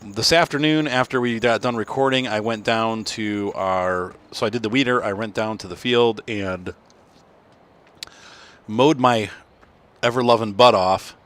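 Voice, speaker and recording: This gaming channel host speaks in a lowish, slightly bright voice at a measured pace. Worn out, he plays through a laid-back farming game, yawning, wandering off topic, and backtracking to fix what he just said.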